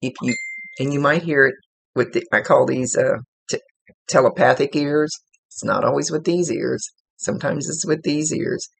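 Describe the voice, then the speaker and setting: A man's voice: a little high, normal speed, creaky, husky. A man working as a psychic medium, talking casually and rambling as he relays messages aloud. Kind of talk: casual spirit reading.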